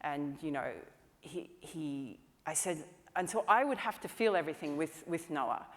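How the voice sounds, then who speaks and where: A woman's voice: low-pitched, lively intonation, normal speed. A woman film director giving a conference talk, telling stories in a chatty way with lots of "you know" fillers. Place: conference hall stage. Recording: long hall reverb.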